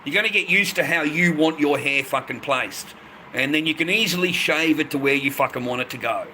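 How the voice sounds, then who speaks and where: A man's voice: fairly high pitch, fairly quick, sharp tone, a little hiss or hum. Blunt, foul-mouthed Australian man in his fifties. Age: 50s. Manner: blunt, heavy swearing, repeats himself, combative. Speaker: livestreamer. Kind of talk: profane angry rant to a live stream.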